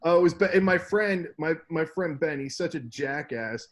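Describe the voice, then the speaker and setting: A young man co-hosting a casual podcast tells a story, laughing and animatedly acting out the voices he quotes. His voice is a little high, and he talks at a normal speed.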